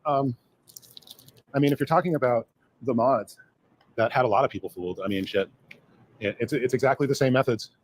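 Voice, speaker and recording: A man ranting casually on a stream, talking in a loose, hesitant way with many fillers. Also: medium pitch. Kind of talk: casual rant.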